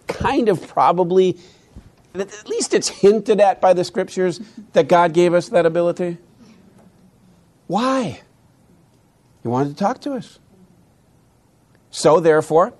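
Male lecturer, slightly high voice, animated, preacher-like, rhetorical questions. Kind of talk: conference lecture on classical education.

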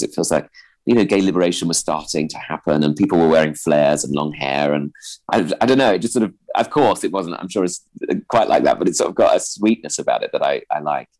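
A man's voice: low-pitched, a little mellow, rough recording. Posh-voiced man in his thirties, hesitant. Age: 30s. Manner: hesitant, many restarts and fillers; posh-sounding voice. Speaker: guest; stand-up comedian. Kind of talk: radio interview chat.

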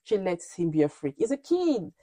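A woman's voice: fairly low pitch, sing-song, moderate pace, mellow, dry recording. A woman hosting a podcast, recapping reality shows in candid, gossipy, opinionated chat and often laughing. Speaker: podcast host.

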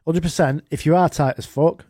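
A man with a mellow, darker voice trades banter with his co-host on a casual podcast. He teases and often drops to a quieter aside. The recording is dry and close. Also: fairly high pitch, fairly even intonation, a little fast, no room sound. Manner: banter, teasing, trails off quietly.

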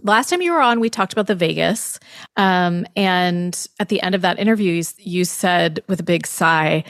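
A woman's voice: on the low side, animated, normal speed, fairly bright tone, dry recording, clean studio sound. A woman hosting a podcast interview, effusive and enthusiastic with her guest. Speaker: podcast host.

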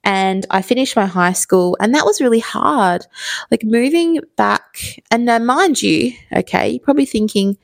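A woman's voice: a little high, expressive, normal speed, gravelly, dry recording. A woman in her thirties with an Australian accent, hosting a podcast in casual, rambling solo storytelling full of fillers. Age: 30s. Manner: chatty, rambling, many fillers. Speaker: podcast host.

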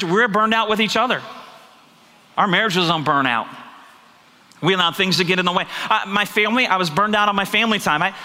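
A man's voice: sits high, sharp tone. A man pastor preaching a sermon, earnest and confessional, often asking his listeners rhetorical questions. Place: church sanctuary. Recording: reverberant church hall.

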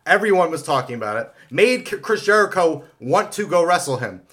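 A man's voice: fairly high pitch, very animated, brisk, a bit bright. A man co-hosting a podcast, arguing in a heated casual debate and insisting on being heard. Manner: insistent, interrupts with repeated "hold on". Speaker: podcast co-host.

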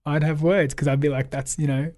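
A man's voice: fairly high pitch, level tone, a little fast, warm tone. Aussie guy chatting, cheerful storyteller, does the voices of people in his stories. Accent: Australian. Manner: upbeat storyteller, acts out quoted dialogue, laughs often. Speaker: guest. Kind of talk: casual interview chat.

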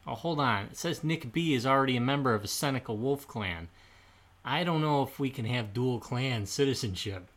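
A man's voice: mid-range voice, expressive, normal speed, fairly bright tone. A man co-hosting a history podcast, bantering playfully and cracking small jokes. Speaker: podcast co-host. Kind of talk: casual podcast chat.

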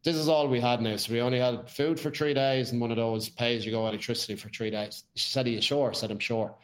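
An Irish man talks through his past in a loose, casual storytelling way, blunt and full of swearing. His voice sits at an ordinary middle pitch for a man. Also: steady tone, fast. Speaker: podcast guest.

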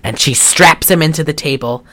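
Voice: mid-range voice, normal speed, pushed and bright. A podcast co-host in a casual chat, retelling a film with lots of fillers and restarts. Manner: rambling, chatty, with many fillers and restarts.

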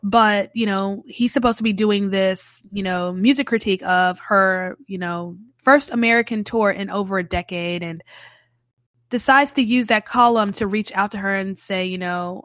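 A woman's voice: medium pitch, fairly even intonation, moderate pace, a bit bright, no echo. Chatty woman reviewing a film, dry sound. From Louisiana. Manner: chatty, sarcastic, lots of fillers. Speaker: podcast host, film reviewer. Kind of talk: casual spoken film review.

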